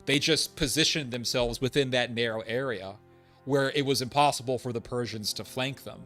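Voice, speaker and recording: A man's voice: medium pitch, normal speed, a bit bright, soft background music. Emphatic man delivering a political monologue. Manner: emphatic, repeats points, sarcastic asides. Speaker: political commentator. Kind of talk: opinionated monologue.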